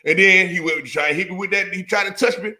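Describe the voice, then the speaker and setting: High, bright-voiced man spinning a profane story. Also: fast. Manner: profane, animated storytelling with lots of slang. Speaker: storyteller in a casual chat. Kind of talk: casual chat.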